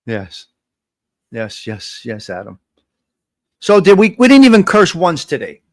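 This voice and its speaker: A man's voice: on the high side, wildly swooping pitch, unhurried, dry recording, clean studio sound. A man hosting a live morning coffee chat, talking straight to his viewers in a motivational, repetitive way and reading out their comments. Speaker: livestream host.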